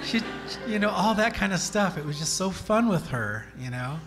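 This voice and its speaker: A man speaking as pastor in a church, sharing memories softly and reflectively, with many fillers. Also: high-pitched, very animated, normal speed. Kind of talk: eulogy-style sharing from the pulpit. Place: church sanctuary. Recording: live church stream with music behind. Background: guitar playing.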